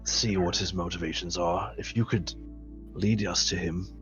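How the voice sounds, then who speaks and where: A man voicing a calm winged male adventurer who speaks low, soft and politely. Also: normal speed, muffled recording, soft background music. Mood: gentle probing.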